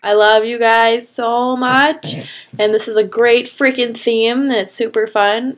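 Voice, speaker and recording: A woman's voice: fairly high pitch, fairly even intonation, a little slow. A woman casually telling a made-up story, rambling with fillers and swearing.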